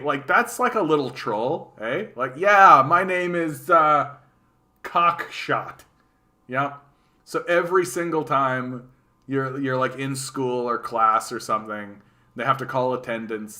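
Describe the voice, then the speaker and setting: A man with a Canadian accent giving casual, sarcastic political commentary on a live stream, reacting to chat and often restarting his sentences. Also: mid-range voice. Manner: animated, sarcastic, repeats words and restarts.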